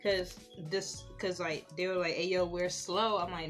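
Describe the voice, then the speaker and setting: A young woman talks casually while doing her makeup, her voice on the lower side. She chats and gets animated when she retells her stories, and soft music plays faintly behind her. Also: a little slow, few pauses. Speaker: beauty vlogger.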